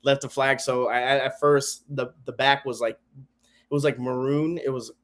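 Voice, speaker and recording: A man guesting on a podcast, chatting casually and telling animated stories that act out what other people said. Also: mid-range voice, normal speed. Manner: animated storyteller, acts out quoted people. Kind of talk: casual chat. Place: home garage studio.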